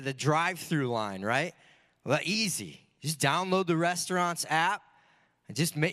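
A man's voice: a little high, a bit bright. A man preaching a sermon in a casual, joking way, often asking rhetorical questions. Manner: casual, conversational.

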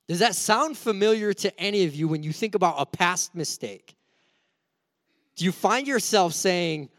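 A man's voice: high-pitched, moderate pace, a bit bright, clean studio sound. A young man preaching a sermon in a church, telling a personal story in a casual, self-deprecating way. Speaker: pastor. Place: church auditorium. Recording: long hall reverb.

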